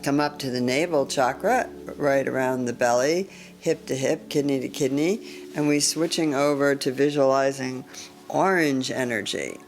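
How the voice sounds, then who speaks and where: A woman leading a guided chakra meditation in a calm, gentle way, often clearing her throat. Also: rumbling low, moderate pace, faint music behind. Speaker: meditation teacher.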